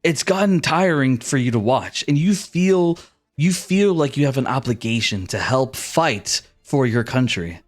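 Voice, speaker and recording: Lively-pitched man running a tabletop game. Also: measured pace. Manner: descriptive, easygoing storytelling. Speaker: game master.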